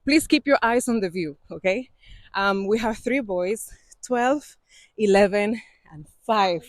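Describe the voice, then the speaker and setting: Unhurried and mid-range, the voice belongs to a Cuban vlogger in her 40s on an outdoor trail. She's a little out of breath from the climb but stays chatty and laughs a lot, her phrasing non-native. The close recording is dry.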